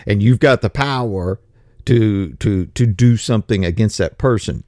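A man's voice: medium pitch, lively intonation, unhurried, a little mellow, dry recording, studio quality. A man giving casual Bible commentary in a folksy, colloquial way with frequent restarts. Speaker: Bible teacher.

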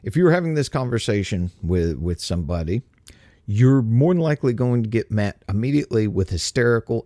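An older man hosting a talk radio monologue, speaking deliberately and slowing down to stress his points. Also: on the low side, expressive, warm tone, dry recording, studio quality. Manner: deliberate, slows for emphasis. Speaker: radio host.

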